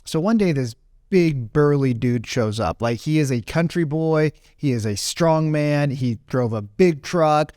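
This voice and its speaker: A man's voice: on the high side, lively intonation, unhurried, darkish tone, no room sound, studio quality. A man around forty telling a rambling business story in a casual talk and keeping on asking "right?". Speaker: business speaker.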